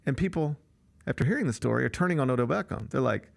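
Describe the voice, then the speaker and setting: A sports talk show host with a gravelly, mid-range, sing-song voice chats casually at a quick pace, voicing strong opinions. He acts out quotes with big swings in his voice, in the style of casual sports radio.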